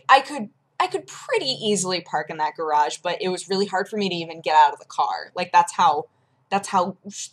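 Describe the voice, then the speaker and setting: A young woman vlogger chatting casually and telling a story, acting out her own reactions as she goes. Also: lowish voice. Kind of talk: casual chat.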